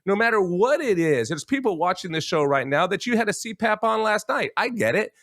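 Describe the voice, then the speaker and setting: A talk show host gives an emphatic opinion monologue in a high, lively voice, a little fast and a bit bright, addressing his listeners as folks. He restarts often, and the recording is clean studio sound, entirely dry.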